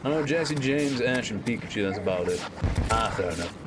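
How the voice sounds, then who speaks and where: A man's voice: on the low side, expressive, fairly quick, heavy background noise. A young British man streaming a game, chatting casually with friends and bursting into laughter.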